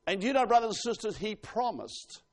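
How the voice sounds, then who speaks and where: A man with a high, sing-song voice delivers a sermon, shifting between quiet asides and loud exclamations. When he reads scripture, he slows down and stresses the words.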